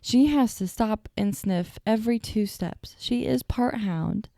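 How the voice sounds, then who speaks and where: A woman's voice: medium pitch, a little slow, creaky, mellow, dry recording, studio quality. A young woman hosting a podcast, telling stories in a chatty, self-deprecating way, sleepy and yawning, with a stutter at times. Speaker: podcast host. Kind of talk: casual solo storytelling.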